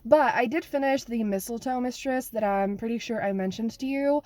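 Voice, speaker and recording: A woman's voice: a little high, moderate pace, darkish tone. Chatty young woman book vlogger. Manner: chatty, lots of "like" fillers. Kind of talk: casual chat.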